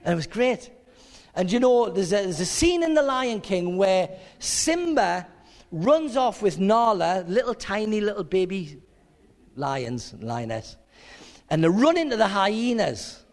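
A man preaching a sermon in an animated way, acting out scenes with little voices. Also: sits high, unhurried. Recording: long hall reverb.

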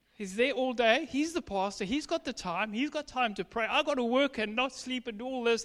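High-voiced man preaching in a reverberant hall. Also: fairly bright tone. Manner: emphatic testimony, acting out quoted dialogue. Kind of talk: sermon.

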